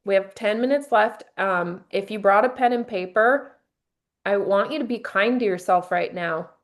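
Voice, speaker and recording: A woman's voice: mid-range voice, normal speed. A woman leading a motivational workshop, talking to a group and guiding them through breathing exercises in an upbeat way. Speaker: team leader running a workshop.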